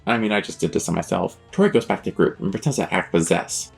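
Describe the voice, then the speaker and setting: Rambling YouTuber man, comic storytelling, gravelly and low. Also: animated, quick pace, hardly any pauses, soft background music. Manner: rambling, wry asides. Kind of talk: comedic storytelling commentary.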